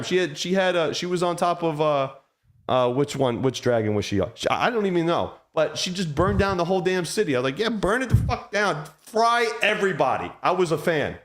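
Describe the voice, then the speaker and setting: Excitable, foul-mouthed man hosting. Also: a little high, a little fast. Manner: swears a lot, excitable storytelling. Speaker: host. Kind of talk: casual chat.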